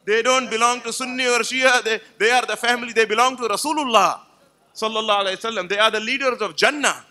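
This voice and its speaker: Quick-paced and sharp, this very high male voice comes from an Islamic lecturer. He speaks emphatically on religion to a live gathering, weaving in stories and throwing rhetorical questions at the crowd.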